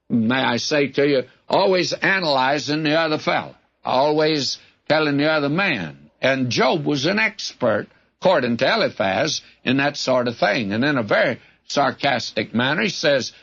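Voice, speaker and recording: A man's voice: mid-range voice, animated, moderate pace, fairly bright tone. A man teaching the Bible verse by verse on the radio in a plain-spoken, folksy way with wry asides. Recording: dull lo-fi radio broadcast recording.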